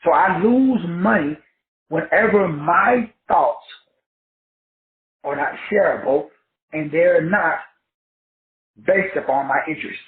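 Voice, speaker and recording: A man's voice: a little high, slow, pauses often, roomy sound, phone-quality sound. A man giving a motivational lecture to his class as host, talking in a preachy, repetitive and colloquial way. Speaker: online teacher and host.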